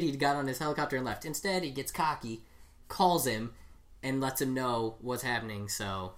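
Rambling man chatting about movies. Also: mid-range voice. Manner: rambling, animated retelling with fillers. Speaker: podcast co-host. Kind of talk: casual movie chat.

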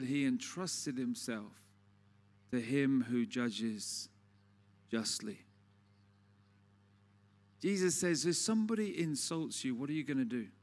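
Preacher with rhetorical questions. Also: male voice, mid-range voice. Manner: conversational storytelling with rhetorical questions. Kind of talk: sermon.

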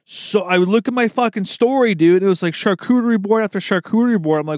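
Young male comic host, higher-pitched, dry and close; loose, profane monologue, keeps saying dude. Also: quick pace, few pauses, a little mellow, dry recording. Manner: profane, rambling, calls everyone dude, laughs at own jokes. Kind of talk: comedic solo riffing.

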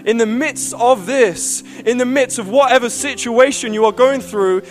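High-voiced man preaching with passion. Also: normal speed, hardly any pauses, soft background music. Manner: passionate, builds to loud pleading climaxes. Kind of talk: sermon.

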